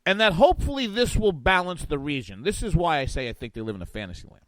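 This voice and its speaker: A male guest host delivering political talk radio commentary into a studio microphone. His voice sits high and swings widely, in a sarcastic, animated riff on an article he reads aloud. The sound is dry, with no room echo. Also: fairly quick.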